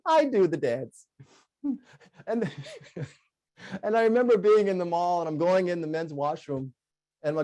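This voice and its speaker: A middle-aged man delivers a humorous motivational keynote with lively, swooping intonation. He tells stories with playful energy and breaks into short sung bursts and chuckles as he goes. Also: on the high side. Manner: animated storyteller, bursts into sung "oh yeah" and laughs. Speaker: keynote speaker.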